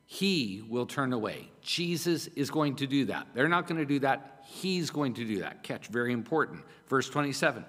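A man's voice: mid-range voice, expressive, moderate pace, hardly any pauses, a bit bright, long reverb tail. A middle-aged man preaching a sermon, emphatic and conversational, often asking his listeners rhetorical questions. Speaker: pastor.

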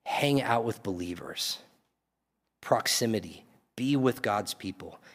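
A man's voice: lowish voice, measured pace, a bit bright. A man preaching a sermon as pastor, earnest and pleading, building to emphatic peaks. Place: church hall. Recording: long reverb of a church hall.

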